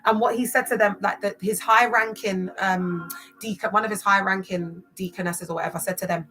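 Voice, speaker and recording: A woman's voice: medium pitch, steady tone, brisk, fairly bright tone. A young woman from West London with a London accent, giving casual vlog commentary in emphatic street slang full of rhetorical questions. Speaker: commentator on church cults.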